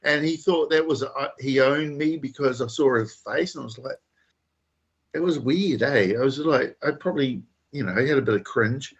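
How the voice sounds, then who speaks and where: A man's voice: medium pitch, normal speed, breathy edge. Sarcastic man, lo-fi stream. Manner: sarcastic, profane, mock-serious. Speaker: livestream host. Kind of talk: casual call-in stream banter.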